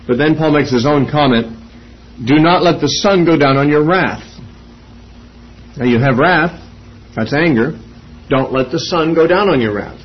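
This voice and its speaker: A man giving an expository Bible teaching, reasoning step by step through quoted scripture in a measured way. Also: on the high side, breathy edge. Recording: dull lo-fi recording.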